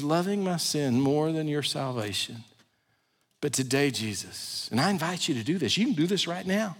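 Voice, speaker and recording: A pastor preaches to his congregation in a high, earnest voice. He sinks to a hushed, low tone when he leads a prayer. His words ring out with the long reverb of a large sanctuary. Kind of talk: sermon.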